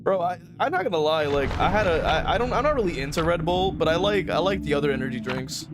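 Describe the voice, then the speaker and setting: A man's voice: fairly high pitch, expressive, quick pace, noisy background. A young man streaming a game in casual, slangy chat, swearing a lot and laughing often. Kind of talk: casual live-stream commentary. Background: loud game music.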